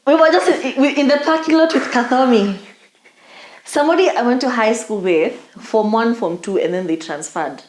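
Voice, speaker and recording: A woman's voice: fairly high pitch, moderate pace, a little hiss or hum. A young Kenyan woman co-hosting a podcast, telling a story in casual chat with Swahili slang. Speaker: podcast co-host. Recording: echoey room.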